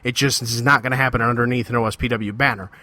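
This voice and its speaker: Male podcast host, bright voice, dry close sound, ranting solo and repeating himself for emphasis. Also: medium pitch, steady tone, fast talker, dry recording. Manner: heated, confrontational ranting; repetitive, emphatic phrasing.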